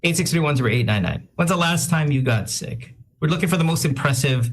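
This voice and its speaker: A man's voice: a little high, animated. Chatty male radio host. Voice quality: says he sounds a bit sick. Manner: rambling, self-deprecating, quick asides. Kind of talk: casual radio chat, reading listener shout-outs.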